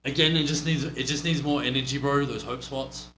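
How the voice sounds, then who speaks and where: A man's voice: medium pitch, fairly even intonation, brisk, fairly bright tone. A man with a New Zealand accent, a pro wrestler giving a blunt, profane critique of a match. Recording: roomy echo with faint hum.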